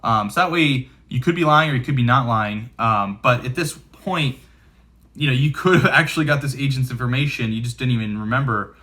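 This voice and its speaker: With a medium pitch, a sharp tone and a fairly quick delivery, a man who invests in real estate gives viewers casual instruction on camera. He chats loosely and fills his speech with fillers.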